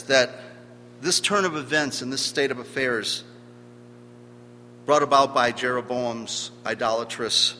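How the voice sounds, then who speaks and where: A man's voice: mid-range voice, bright, forceful tone. A man preaching a sermon, emphatic, stressing key words by swelling in volume. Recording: long hall reverb with faint hum.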